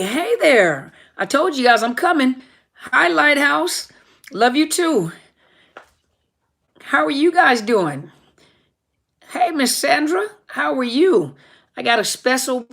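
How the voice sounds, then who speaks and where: A woman's voice: a little high, fairly bright tone. A woman minister hosting a live question-and-answer stream, chatting casually and greeting viewers by name. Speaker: livestream host and minister.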